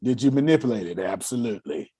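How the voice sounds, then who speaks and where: A man leading a motivational meeting on money and cash flow, animated and laughing as he acts out quotes. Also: fairly low pitch, quick pace, breathy edge. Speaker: finance coach leading a meeting. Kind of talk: motivational talk.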